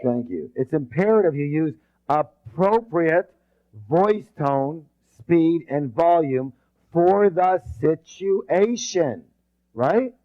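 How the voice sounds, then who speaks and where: An energetic male trainer lectures a seminar room and keeps pulling the audience into call-and-response. His voice sits fairly high, and he rambles through restarts. The recording is dull and lo-fi. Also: takes it slowly. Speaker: leadership trainer.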